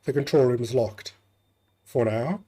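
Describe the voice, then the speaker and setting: A man's voice: medium pitch, a little slow, dark tone, slightly rough. A man streaming a game, chatting casually, reading on-screen text aloud and swearing now and then. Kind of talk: casual gameplay commentary.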